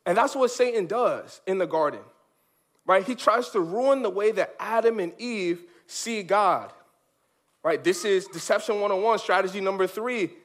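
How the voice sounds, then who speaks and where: A man preaching a lively sermon for children, animated and emphatic, with big swings from high to low. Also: normal speed. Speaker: children's pastor. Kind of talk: sermon for kids.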